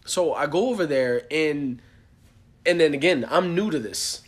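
A young man casually telling a story on a podcast, animated and profane, acting out the people he quotes. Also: on the high side, unhurried, slightly rough. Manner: animated, swears a lot, acts out quotes. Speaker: podcast co-host.

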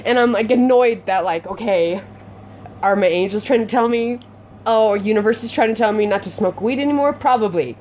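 A woman's voice: medium pitch, moderate pace, darkish tone, a little hiss or hum. A young woman venting to her audience in an unscripted confessional talk, rambling and frustrated, swearing often and filling with "like".

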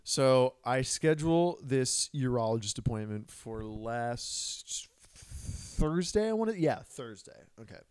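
A man's voice: medium pitch, expressive, slow pace, darkish tone, smooth, dry recording, studio quality. A young man co-hosting a podcast, telling a long, profane story with lots of quoted dialogue in casual chat. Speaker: podcast co-host. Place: New York City.

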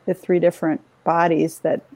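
A woman's voice: on the low side, flat delivery, moderate pace, a little mellow, dry recording. A woman on the school committee explaining a budget process in a casual discussion, with dry sarcastic asides.

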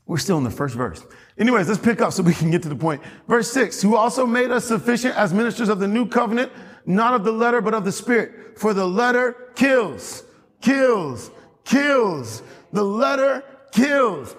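A male pastor preaching a lively sermon in church, calling out to the congregation and repeating key phrases. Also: high voice, big-room sound. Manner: animated, call-and-response with congregation, repeats phrases, laughs often. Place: church sanctuary.

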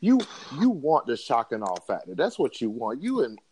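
Animated male sports co-host. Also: mid-range voice, moderate pace, a crowd in the background. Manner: laughing, playfully teasing. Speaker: podcast co-host. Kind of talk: casual sports banter.

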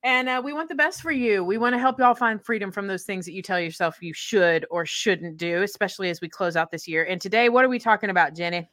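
A woman's voice: fast, few pauses, dry recording, studio quality. A woman co-hosting a faith podcast in casual, playful chat. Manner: animated, playful, swings in pitch. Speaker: podcast co-host.

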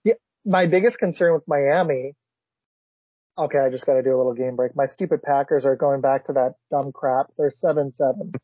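A man hosting a casual football podcast, talking excitedly and reacting out loud with frequent laughs. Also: medium pitch, brisk, husky, dry recording. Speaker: podcast host. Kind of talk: casual sports chat. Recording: dull lo-fi remote audio.

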